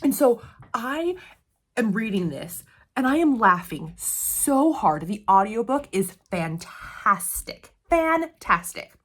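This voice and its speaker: A woman's voice: medium pitch, animated, takes it slowly, husky. A woman chatting casually about books she has read, laughing often as she talks. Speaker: book reviewer. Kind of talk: casual book review chat.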